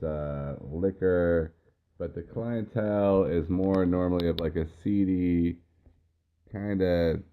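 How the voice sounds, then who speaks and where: Tipsy dude rambling on a podcast, real low voice, sounds like a phone recording. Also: male voice, narrow, tinny audio. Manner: loose, rambling, drunk-sounding. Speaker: podcast co-host. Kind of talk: casual drinking chat.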